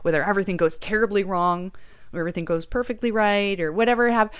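A young adult woman performer talking in a casual conversation, rambling, animated and self-deprecating, laughing often. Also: medium pitch, quick pace, clean tone. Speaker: guest performer and musician.

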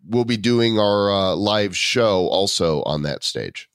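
A man's voice: fairly low pitch, expressive, slow pace, smooth, no echo, studio quality. A man guesting on a casual podcast, telling stories in a wry, playful way. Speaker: podcast co-host. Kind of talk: casual interview chat.

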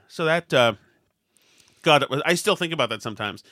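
A man's voice: a little high, expressive, moderate pace, pushed and bright, no room sound, clean studio sound. A man hosting a podcast, telling a self-deprecating story in casual chat and acting out the quotes with lots of animation. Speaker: podcast host.

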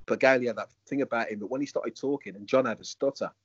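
A man, a former footballer and coach, telling lively anecdotes. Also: mid-range voice, fast, husky, no echo, dull audio. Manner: animated, acts out quoted voices. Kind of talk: anecdotal storytelling.

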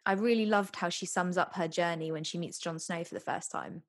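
Chatty woman, husky and nasal. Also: fairly low pitch, fairly quick. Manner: chatty, laughs often, swears casually. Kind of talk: casual chat about a TV series.

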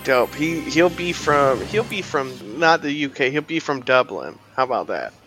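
A man's voice: medium pitch, very animated, normal speed, over music. A man playing a tabletop game, chatting casually with lots of fillers and easy swearing. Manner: laid-back, swears casually, many fillers. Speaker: player.

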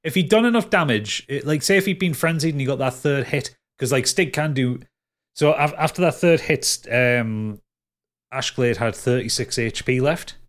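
A man's voice: mid-range voice, normal speed. A man hosting as game master, wrapping up the episode in a rambling, laughing way and swearing casually. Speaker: game master and podcast host. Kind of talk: casual podcast outro and plugs.

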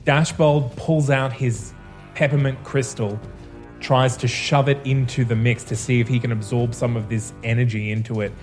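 A man running a tabletop game, narrating slowly with halting pauses and fillers. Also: medium pitch, flat delivery, a little mellow, soft background music. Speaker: game master.

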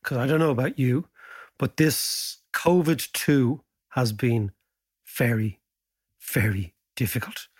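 A man hosting a podcast, chatting in a casual, jokey, animated way. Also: slow, slightly rough. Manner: animated, jokey, swoops up in pitch. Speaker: podcast host.

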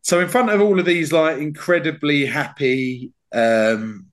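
A man's voice: a little high, unhurried. A man hosting a podcast, telling a story in casual chat, swearing a lot and laughing as he goes. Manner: sweary, animated, laughs while telling stories. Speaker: podcast host.

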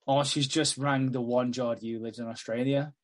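A man's voice: mid-range voice, steady tone, moderate pace. A man on a casual podcast, swearing often and laughing easily as he retells a soap episode and acts out its characters' lines. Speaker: podcast host. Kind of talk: casual chat, recapping a soap.

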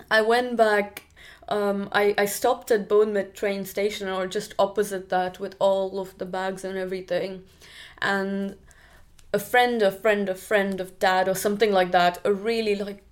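A young woman from India with an Indian accent, a podcast guest telling her story casually, with many restarts and fillers. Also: mid-range voice.

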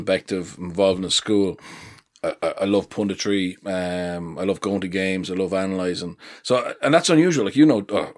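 Irish guest, forties, low voice, chatty and self-deprecating, easy podcast talk. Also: male voice. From Ireland. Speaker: podcast guest, rugby pundit. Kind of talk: casual podcast chat.

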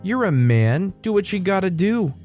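A man's voice: high voice, sing-song, normal speed, darkish tone, faint music behind, voice pushed up. A man voicing a defensive elderly mother on a bus, dismissive of complaints.

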